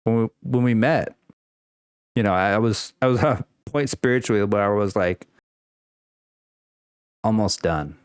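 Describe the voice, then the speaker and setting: Speaking at a moderate pace with long pauses, this young man's lowish, smooth voice carries an unscripted personal rant filmed at home. The vlogger rambles, restarts often, leans on fillers, and swears freely, all in a dry, clean studio-quality recording.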